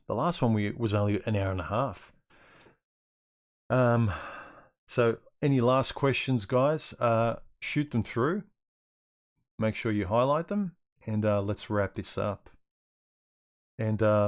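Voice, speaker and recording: An Australian man hosting a livestream Q&A, reading viewer questions aloud and musing over his answers, often repeating words as he restarts. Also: on the low side.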